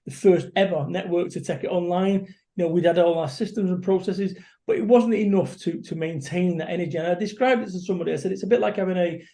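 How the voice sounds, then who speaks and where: Middle-aged motivational speaker from Manchester; high, warm-toned, blunt and energetic. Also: male voice. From Salford, Manchester, England. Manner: blunt, energetic, swears casually. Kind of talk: casual interview chat.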